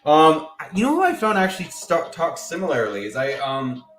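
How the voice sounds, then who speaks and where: A man's voice: on the high side, wildly swooping pitch, moderate pace, fairly bright tone. A man with a Canadian accent hosting a casual livestream, greeting chat viewers by name and laughing often. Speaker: livestream host. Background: faint background music.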